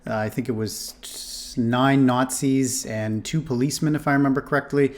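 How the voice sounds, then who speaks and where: A man's voice: medium pitch, fairly even intonation, moderate pace. A man casually commenting on a history video, rambling and correcting himself with many fillers. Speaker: reaction video host.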